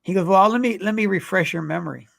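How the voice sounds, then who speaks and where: A man's voice: high-pitched, fast, creaky, a bit bright. A man co-hosting a podcast, telling a rambling, profane story in casual chat. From California. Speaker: podcast co-host.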